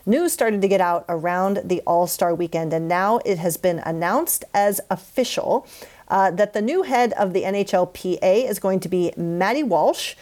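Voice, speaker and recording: A woman's voice: mid-range voice, normal speed, a little mellow. A woman hosting a casual hockey talk show, leading the discussion and cracking self-deprecating puns. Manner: joking, self-deprecating, punning. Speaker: podcast host. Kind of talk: casual sports chat.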